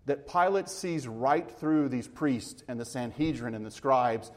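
A man preaches conversationally, explaining scripture through everyday comparisons and acting out each speaker as he retells their dialogue. His voice is medium in pitch with a darkish tone, and his pace is measured.

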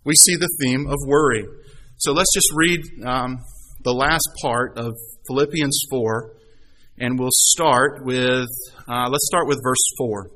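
A man's voice: medium pitch, measured pace, sharp tone, poor audio. A male pastor giving a conversational sermon, reading scripture and acting out quoted voices in a playful way.

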